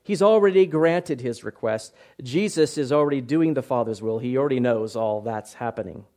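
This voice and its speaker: A pastor delivers an expository sermon conversationally, reading scripture aloud and often checking in with listeners through tag questions, and now and then bursting into loud acted shouts. His voice is mid-range at a moderate pace.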